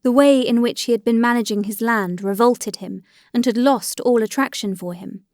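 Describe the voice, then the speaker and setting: A woman narrating a classic novel in a steady, measured reading voice. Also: on the high side, no room sound, clean studio sound. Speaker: audiobook narrator. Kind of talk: scripted narration.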